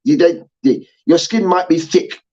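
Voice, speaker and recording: A man's voice: a little high, measured pace, mellow, dull audio. A man hosting a heated sports debate show, ranting and swearing, repeating his points and mocking people with chants.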